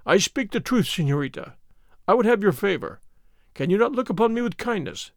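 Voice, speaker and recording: A man's voice: high-pitched, very animated, a little fast, creaky, dry recording, studio quality, exaggerated voice. A man voicing a purring, sneering army captain. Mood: wooing. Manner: sneering, overbearing. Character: arrogant bold army captain suitor, male. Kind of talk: audiobook character reading.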